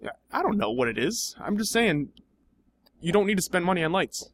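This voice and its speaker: A man's voice: sits high, sing-song, fairly quick. A young man in improvised comedy banter, dry, skeptical and argumentative.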